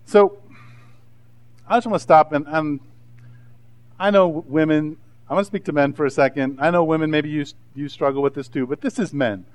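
A man in his thirties preaching a sermon, animated and conversational, acting out asides in different voices. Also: a little high, moderate pace, long pauses. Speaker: pastor.

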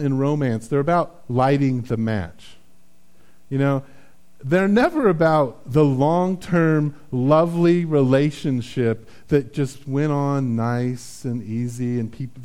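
A man's voice: on the high side, darkish tone. A man preaching a sermon in a conversational, self-deprecating way, often checking in with "right?". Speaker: pastor.

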